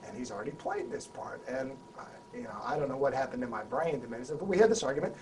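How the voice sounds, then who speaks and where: Animated male actor telling a story. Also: medium pitch, fast talker. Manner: animated, restarts and repeats words. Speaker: actor, interview guest. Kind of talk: anecdotal storytelling in an interview. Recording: voice a bit far from the mic, faint background hum.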